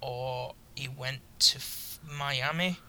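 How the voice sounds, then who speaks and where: Male co-host, very bright tone, chatty storytelling, faint background hiss. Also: medium pitch, steady tone, takes it slowly. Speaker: podcast co-host. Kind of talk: casual sports chat.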